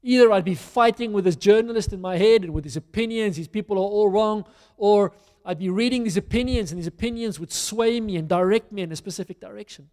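This South African preacher talks fast and barely pauses, his high-pitched voice carrying a darkish tone. His sermon is chatty and story-driven, sprinkled with self-deprecating remarks, and it echoes through a reverberant hall.

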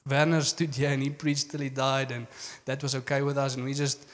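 A man's voice: mid-range voice, flat delivery, brisk, in a large hall. A man preaching a sermon in an earnest manner, often saying "you know".

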